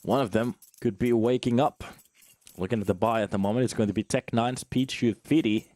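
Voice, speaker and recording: A man's voice: medium pitch, a little fast, a little mellow, dry recording. A man giving live play-by-play commentary on a competitive match, chatty and joking with viewers between calls. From Finland. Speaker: esports commentator.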